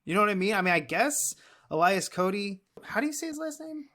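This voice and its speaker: A man's voice: sits high, very animated, fast talker, sharp tone. A man in his thirties co-hosting a podcast, chatting casually and a bit ramblingly while reviewing a movie. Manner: chatty, rambling, self-deprecating. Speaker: podcast co-host.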